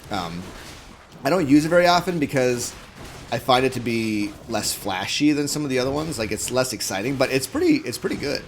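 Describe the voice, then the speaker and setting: A man's voice: mid-range voice, lively intonation, brisk, slight background noise. A man streaming a video game, chatting casually with viewers in a rambling, jokey way and chuckling at his own jokes into a desk microphone. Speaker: gaming streamer.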